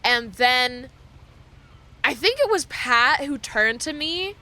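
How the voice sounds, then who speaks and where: A young woman streamer chatting casually with her viewers, animated, laughing often and swearing freely. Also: high voice, takes it slowly.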